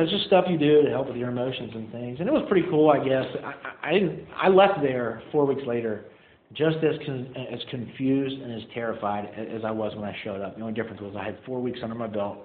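A man in his twenties telling a personal story casually, candid and rambling, laughing at himself. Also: medium pitch. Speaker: storyteller recounting addiction. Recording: echoey, phone-like, faint noise.

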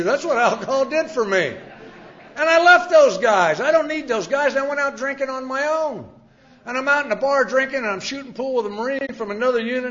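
A man's voice: very high-pitched, fairly bright tone. An older man telling his own story to an audience in a plainspoken, folksy, self-mocking way. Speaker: speaker sharing a recovery story. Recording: dull lo-fi sound.

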